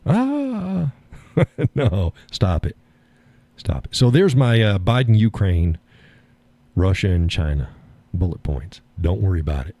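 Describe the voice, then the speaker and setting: A man's voice: deep voice, unhurried, long pauses, dark tone, dry recording. A man hosting a live stream, chatting casually, often laughing, folksy and blunt with casual swearing. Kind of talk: casual chat.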